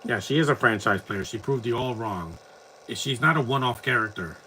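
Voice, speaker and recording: A man's voice: medium pitch, animated, normal speed, pushed and bright, slight background noise, low-quality recording. Blunt man giving movie commentary. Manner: opinionated, rambling, blunt. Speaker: live commentary host. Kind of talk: casual movie watch-along commentary.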